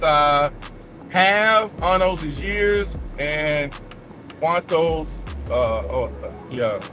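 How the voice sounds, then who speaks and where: A man in his forties with a high voice talks slowly and loosely from inside a car, muttering to himself and dropping slang as he sounds words out. Faint music plays behind him. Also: fairly bright tone. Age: 40s. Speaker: vlogger. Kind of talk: casual chat while practicing languages.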